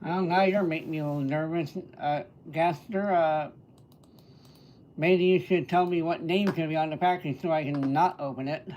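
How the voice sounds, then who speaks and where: A man's voice: on the high side, fairly even intonation, moderate pace, a little mellow, a little hiss or hum. A man hosting a live stream, casually greeting viewers by name and answering their questions. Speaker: livestreamer and entertainer. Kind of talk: casual livestream chat answering viewer comments.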